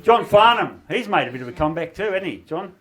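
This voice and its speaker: A man's voice: sits high, big pitch swings, quick pace, crowd noise. Laughing Australian man telling yarns. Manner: rambling anecdotal storytelling, laughing at his own jokes. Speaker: stand-up comedian. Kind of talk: stand-up comedy set. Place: backyard shed gig with a small live audience.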